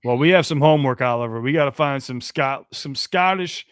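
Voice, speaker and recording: A man's voice: medium pitch, brisk, fairly bright tone, smooth, no echo, studio quality. Chatty American man co-hosting a podcast. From United States. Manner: chatty and easygoing, many fillers and restarts. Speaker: podcast co-host. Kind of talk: casual podcast chat with a caller.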